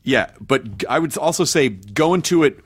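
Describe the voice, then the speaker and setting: A man's voice: mid-range voice, animated, normal speed, breathy edge, dry recording. A man hosting a podcast, chatting in a playful, jokey manner. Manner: playful, jokey, does mock voices. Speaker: podcast host. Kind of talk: casual interview chat.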